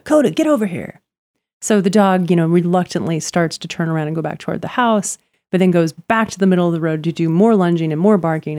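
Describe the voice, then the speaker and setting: A woman's voice: fairly low pitch, darkish tone, dry recording. A woman chatting casually, telling stories about her neighbors, acting out their lines and laughing often. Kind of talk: casual chat.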